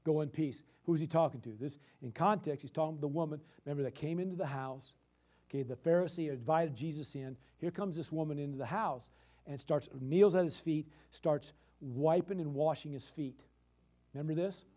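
A male preacher delivering a sermon, emphatic and repetitive, swinging from loud bursts to quiet explaining. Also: on the high side, a little fast.

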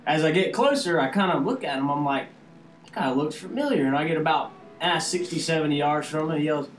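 A man's voice: fairly high pitch, a little fast, echoey room, far from the mic, soft background music. A man hosting a casual fishing podcast, telling rambling stories with lots of fillers. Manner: rambling storyteller, many fillers. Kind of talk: casual chat.

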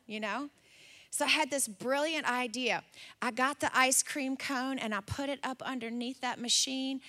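A pastor in her forties preaches by way of a lively personal story, her voice high and bright. She's an animated storyteller who slips into the voices of the people involved, acting out her son's voice along the way.

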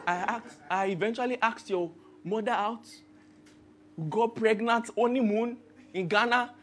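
Pastor, thirties, high-pitched male voice, storytelling sermon. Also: measured pace, a bit bright. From Nigeria. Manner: storytelling, acts out quoted voices with rising emphasis.

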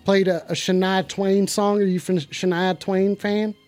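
Male comic call-in host: brash, profane, high-pitched announcer energy. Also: little pitch movement, unhurried, a little mellow. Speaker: host of a joke call-in show. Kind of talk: comic stream call-in bit.

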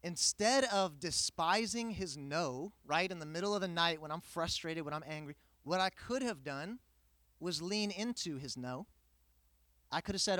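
Lively male preacher with a high voice, recorded dry and close; tells stories with humor from the pulpit. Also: normal speed, dry recording. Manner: animated storytelling with humor. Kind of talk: sermon with personal story.

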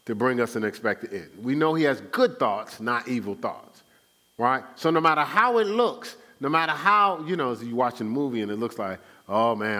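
Here the pastor's voice sits in the mid-range with a fairly bright tone. He delivers his sermon conversationally, frequently pausing so his church can complete his sentences.

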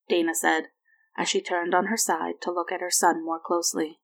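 A woman's voice: fairly low pitch, fairly even intonation, moderate pace, a bit bright. Woman narrating a fanfic story. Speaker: fanfiction reader. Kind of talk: audiobook narration.

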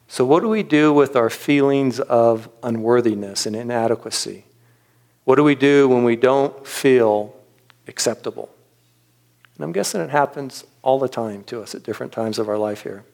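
A middle-aged man speaks in a gentle, earnest sermon voice. He tells his story slowly and reflectively, pausing often between phrases. His pitch sits in an ordinary middle range. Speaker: pastor.

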